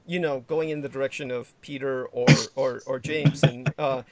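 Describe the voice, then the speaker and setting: A man's voice: medium pitch, fairly even intonation, moderate pace, a crowd in the background. A sleep-deprived man hosting a casual livestream chat, rambling with lots of fillers and restarts. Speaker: livestream host.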